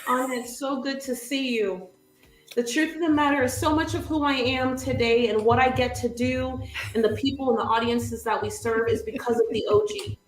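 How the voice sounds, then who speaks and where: Woman host, animated storyteller, high voice, echoey room, faint background noise. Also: normal speed. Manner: animated, laughing often, vivid storytelling. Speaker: business coach, show host. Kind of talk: livestream storytelling.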